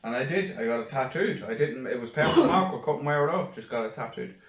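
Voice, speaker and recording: A man's voice: mid-range voice, lively intonation, fast. A young man co-hosting a podcast in casual, joking chat, swearing and rambling. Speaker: podcast co-host. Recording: roomy, distant mic.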